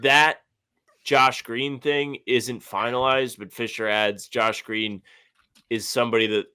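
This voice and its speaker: A man's voice: medium pitch, level tone, a little slow, pushed and bright, smooth, dry recording. A man co-hosting a podcast in casual chat, teasing his partner and reading out news. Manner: teasing, reads news reports aloud. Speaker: podcast co-host.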